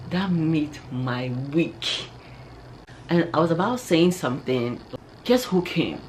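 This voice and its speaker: Chatty, animated young woman telling a story. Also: low voice, a little hiss or hum. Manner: animated, chatty, heavy use of "like" and "yo". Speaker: vlogger. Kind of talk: casual storytelling to camera.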